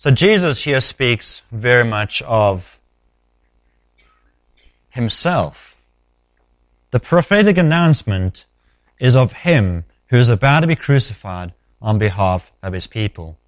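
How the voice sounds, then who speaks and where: A man preaching an expository sermon, measured and emphatic, often dropping low at the ends of phrases. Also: expressive, no room sound.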